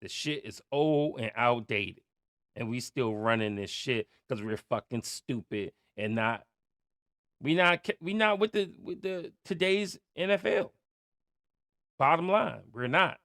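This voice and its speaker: A man hosting a podcast, ranting angrily as a sports fan, profane and heated, swinging from loud outbursts to low muttering. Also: expressive, a little slow, no room sound, clean studio sound. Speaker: podcast host. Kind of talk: angry fan rant.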